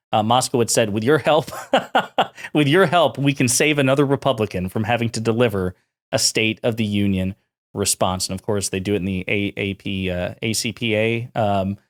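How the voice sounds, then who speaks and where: A man hosting a political commentary channel, talking casually and sarcastically with frequent fillers. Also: lowish voice.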